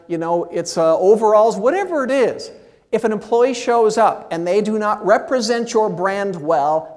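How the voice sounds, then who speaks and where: A man giving a keynote speech at a meeting, with lively, shifting inflection. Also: high voice. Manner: animated, expressive inflection. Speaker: motivational speaker. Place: large meeting hall. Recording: long hall reverb.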